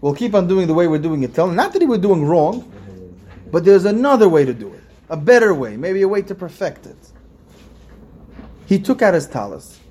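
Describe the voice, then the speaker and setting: A man's voice: sits high, sing-song, normal speed, long pauses, a little mellow, husky. A man, a rabbi, giving an informal religious lesson in a conversational way, repeating phrases and asking his listeners questions. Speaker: rabbi teaching a class.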